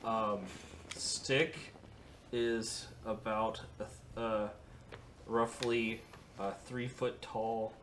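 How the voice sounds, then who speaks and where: A male player slowly describing his character at a tabletop fantasy game. His voice is low and flat, halting with many fillers, and a faint background ambience sits behind him. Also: slight background noise. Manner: slow, halting, filler-heavy.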